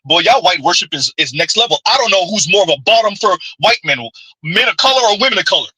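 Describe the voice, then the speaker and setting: A man's voice: high voice, expressive, quick pace, pushed and bright, slightly rough, no room sound, rough recording. A man, hosting a sarcastic, heated commentary rant. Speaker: commentary channel host.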